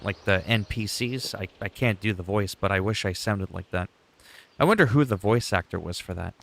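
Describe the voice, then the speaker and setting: Male streamer, lowish voice, loose rambling chat over gameplay, faint background hum. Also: moderate pace, gravelly. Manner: rambling, thinking out loud.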